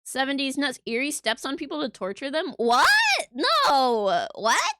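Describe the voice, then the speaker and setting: A woman's voice: high voice, huge pitch swings, measured pace, pushed and bright, dry recording, studio quality. A woman livestreaming from home, chatting playfully and giggling with her viewers at a desk microphone. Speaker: streamer. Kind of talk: casual livestream chat. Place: home room.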